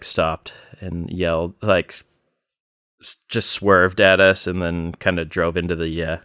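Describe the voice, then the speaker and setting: A man with a very low, resonant voice co-hosts a casual podcast chat. He tells stories plainly and without hurry, filling the pauses with ums and likes. The sound is close and dry, with no room in it. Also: fairly bright tone, smooth, no room sound. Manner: plain, unhurried storytelling with many fillers. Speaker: podcast co-host.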